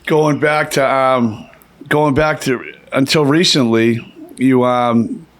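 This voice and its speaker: A man's voice: mid-range voice, fairly even intonation, slow. A man hosting a podcast, telling stories and acting out quotes from others. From Boston area. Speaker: podcast host. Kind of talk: casual storytelling chat.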